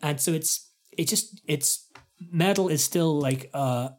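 A man chatting casually on a video call, telling rambling stories and loudly mimicking fans. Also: a little high, slow. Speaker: guest musician. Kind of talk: casual chat.

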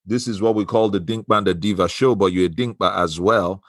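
A man's voice: deep voice, a little fast, no room sound, clean studio sound. A man hosting a podcast, jokey and teasing as he runs the chat. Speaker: podcast host. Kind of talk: casual interview talk.

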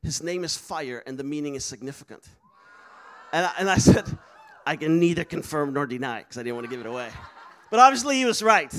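A man's voice: a little high, expressive, fast, a bit bright. A man preaching a sermon, telling a story with laughs and acting out the voices of people he quotes. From Netherlands.

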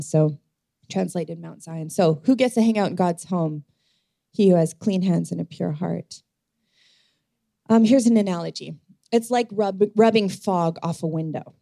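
A woman's voice: on the low side, gravelly, mellow, no room sound, clean studio sound. A woman preaching a sermon as a pastor, telling a scripture story and reading verses in an earnest way.

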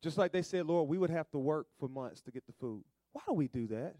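Fervent preacher with a dry close sound. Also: male voice, on the high side, lively intonation, a little fast, dry recording. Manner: call-and-response preaching, swings from soft to shouted. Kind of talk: sermon.

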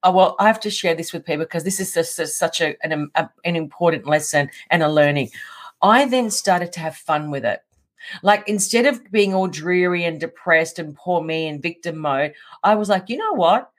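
A middle-aged woman in a casual interview, telling a story with lively energy, often laughing and acting out what people said. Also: fairly low pitch, normal speed. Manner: animated, laughs often, acts out quotes. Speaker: guest.

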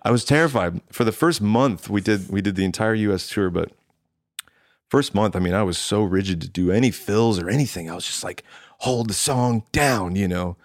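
A man's voice: fairly low pitch, brisk, dry recording, studio quality. A man, a drummer and guest, telling a rambling story in casual conversation and acting out what people said to him. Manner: rambling, acts out quoted dialogue with restarts.

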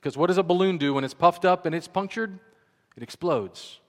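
Animated preacher man in a reverberant hall. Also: high-pitched, fairly quick. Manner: conversational, animated, acts out quoted voices. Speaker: pastor. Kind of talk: sermon.

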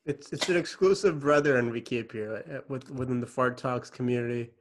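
Deadpan halting podcast co-host. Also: male voice, medium pitch. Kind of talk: casual comedy podcast chat.

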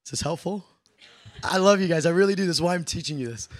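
A man leads a casual sermon-style lesson, his voice sitting high and lively. He jumps into playful asides to his audience. The sound is dry and close, with no room echo. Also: fast. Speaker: preacher teaching a class on prayer. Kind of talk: conversational sermon teaching.

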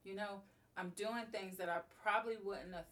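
A woman's voice: medium pitch, steady tone, normal speed, a bit bright, recorded from a distance. A woman guest talking casually in an interview, emphatic and fond of repeating key phrases. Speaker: guest, beauty bar co-owner.

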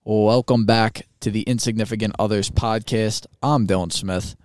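A man's voice: fairly low pitch, steady tone, normal speed, over music. A man hosting a podcast in casual chat, goofy, joking around and swearing. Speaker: podcast host.

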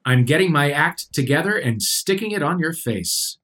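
A man's voice: fairly high pitch, animated, moderate pace, fairly bright tone. A man hosting a quiz game in a casual comedy podcast chat, joking as he goes. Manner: playful, joking quizmaster. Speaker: quiz host.

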